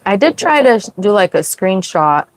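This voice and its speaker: A young woman hosting a casual livestream from her sailboat at sea, chatty, full of "like" fillers and quick laughs. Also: medium pitch, sing-song, rough recording. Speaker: sailing livestream host. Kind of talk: casual livestream chat with viewers.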